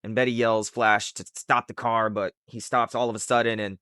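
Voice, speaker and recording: A man's voice: on the low side, little pitch movement, moderate pace, sharp tone, clear, resonant tone, no echo, studio quality. A man casually retelling a comic book's plot in a loose, rambling way full of fillers. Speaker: comic recap host. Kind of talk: casual comic book recap.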